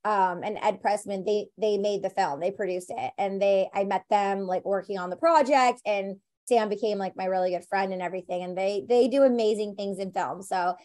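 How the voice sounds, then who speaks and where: A woman actor in an interview, chatting casually and telling lively stories full of "like" and "you know". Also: medium pitch, moderate pace, few pauses. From United States. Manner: animated storyteller, many fillers like "like" and "you know".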